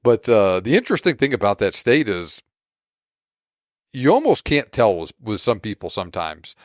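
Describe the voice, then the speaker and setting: A man with a fairly low voice hosts a podcast in an easygoing, chatty way, laughing often. The sound is dry and close to the mic, with no room echo. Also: very animated, moderate pace. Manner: laid-back, laughs often, says "man". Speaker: podcast host. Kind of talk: casual podcast chat.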